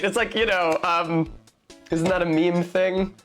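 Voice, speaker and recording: A woman's voice: lowish voice, fairly even intonation, a little slow. A woman streamer casually commenting on a game, wry and joking, swearing now and then. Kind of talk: let's play commentary. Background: faint game music.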